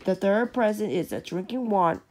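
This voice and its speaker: A woman's voice: mid-range voice, lively intonation, moderate pace, close to an everyday voice. A woman reading a storybook aloud, voicing a helpful male servant giving directions.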